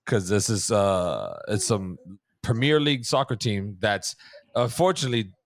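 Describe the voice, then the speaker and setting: A man co-hosting a podcast, telling relaxed, joking anecdotes in casual chat. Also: on the low side, normal speed. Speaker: podcast co-host.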